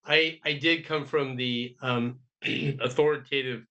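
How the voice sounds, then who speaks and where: A middle-aged man hosting an interview, speaking reflectively and haltingly with restarts. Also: mid-range voice, fairly even intonation, bright, forceful tone, dull audio. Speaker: podcast host. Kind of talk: conversational interview.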